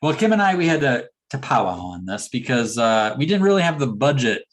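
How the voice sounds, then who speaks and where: A man's voice: mid-range voice, fairly quick. A man giving a motivational keynote talk, telling a story and acting out the dialogue. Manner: animated storyteller who acts out dialogue. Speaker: motivational speaker.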